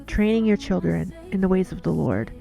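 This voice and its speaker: A woman talks through a devotional monologue in an earnest, storytelling way, often repeating herself. Her voice sits low and sounds warm and mellow. Soft music plays faintly underneath. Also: expressive, brisk, creaky. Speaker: Christian wife giving devotional talk.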